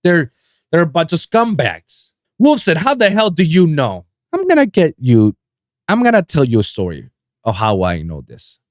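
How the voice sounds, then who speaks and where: Male podcast host from Puerto Rico, solo rant, lively swooping pitch, dry close sound. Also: normal speed, no echo. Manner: animated, profane, swings between loud outbursts and low mutters.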